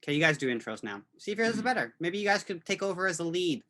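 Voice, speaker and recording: A man hosts a loose comedy podcast, teasing his friends and tossing out crude jokes between laughs. His voice is bright and forceful, pitched a little higher than most men's. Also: big pitch swings, quick pace. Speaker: podcast host. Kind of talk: casual comedic banter.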